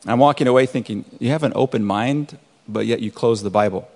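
A male pastor reading scripture and telling a story from his week in a relaxed, conversational sermon. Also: medium pitch, brisk, gravelly. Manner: relaxed conversational preaching, chuckles at his own stories. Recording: long hall reverb.

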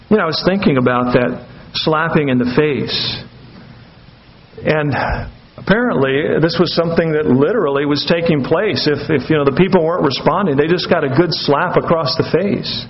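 A man's voice: fairly high pitch, normal speed, lo-fi sound. A man preaching an expository sermon as pastor, conversational, with wry, sarcastic asides.

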